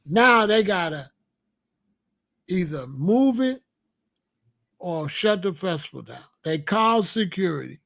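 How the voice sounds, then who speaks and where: A man from the United States hosting a casual monologue, telling stories in an emphatic, profane, animated way. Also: high voice, slow, vocal fry, pauses often. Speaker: commentary host.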